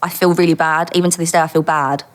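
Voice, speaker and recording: A woman telling stories in a casual interview. She is animated and laughs often, and she acts out the voices in her stories. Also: low voice, fast. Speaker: guest, former undercover police officer.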